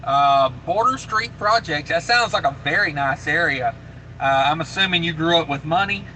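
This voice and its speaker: Bright-voiced laid-back trucker man. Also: on the high side, moderate pace, a little hiss or hum, rough recording. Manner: laid-back and rambling, with many fillers and repeated phrases. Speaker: trucker livestream host. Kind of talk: casual live chat, reading viewer comments aloud.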